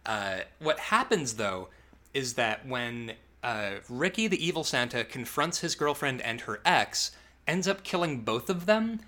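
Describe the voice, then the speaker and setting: A man co-hosting a podcast, recapping a horror movie in a casual, sarcastic and profane way, with lively asides. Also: mid-range voice, unhurried. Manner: animated, profane, sarcastic recapping with acted-out quotes. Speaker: podcast co-host.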